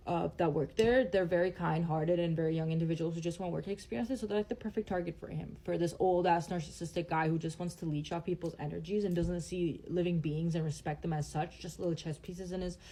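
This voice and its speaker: A woman's voice: fairly low pitch, steady tone, fairly quick, hardly any pauses, warm tone. A young woman telling a personal story in a vlog, blunt and emotional, swearing heavily. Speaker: vlogger.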